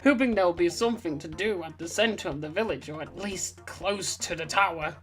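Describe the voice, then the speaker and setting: A woman's voice: on the low side, a little fast, soft background music. A woman reading her own story aloud in a casual way, stopping often for chatty, rambling asides. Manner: rambling, chatty, self-interrupting.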